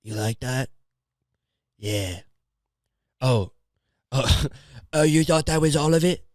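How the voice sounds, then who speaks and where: A man's voice: mid-range voice, lively intonation, slow, darkish tone, no room sound, studio quality. A man putting on a British accent to play a smug, whispering man doing dirty talk.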